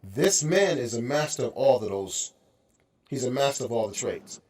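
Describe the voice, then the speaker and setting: A man's voice: mid-range voice, lively intonation, moderate pace, darkish tone. A man hosting a radio show, chatting casually and animatedly with his guest, laughing and mimicking voices. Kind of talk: casual interview chat.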